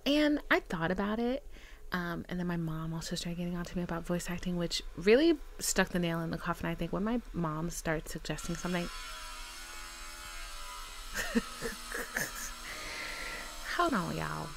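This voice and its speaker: A woman's voice: fairly low pitch, expressive, a little fast, gravelly, a little hiss or hum. A young woman talking casually to her camera, rambling and chatty, calling her viewers "girl". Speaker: vlogger. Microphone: camera mic.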